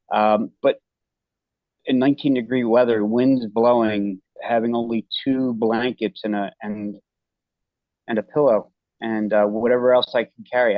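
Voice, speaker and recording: A man as an interview guest, telling a personal story in a halting, earnest way with many restarts. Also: on the low side, no room sound, lo-fi sound.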